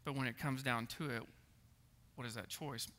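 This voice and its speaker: A man's voice: mid-range voice, steady tone, normal speed, pushed and bright. A man preaching a sermon, earnest, repeating words and checking in with the congregation. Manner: earnest, repeats words and asks the room "right?". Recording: echoey hall reverb.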